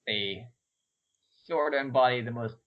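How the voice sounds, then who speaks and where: A man's voice: medium pitch, a little slow. A man chats on a podcast, talking hesitantly and padding his lines with fillers. The recording sounds dull and lo-fi. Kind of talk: casual podcast chat. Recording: dull lo-fi audio.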